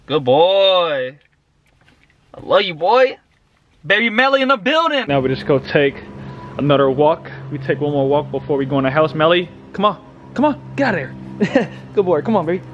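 A man casually vlogging outdoors on a handheld phone, chatty and laughing often, slipping into high coaxing baby talk with his dog. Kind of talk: casual vlog narration. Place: outdoors in a city park and streets.

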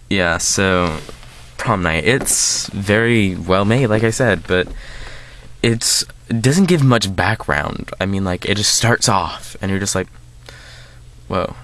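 A man's voice: low-pitched, a bit bright. A man hosting a casual movie review, rambling with lots of filler words and restarts.

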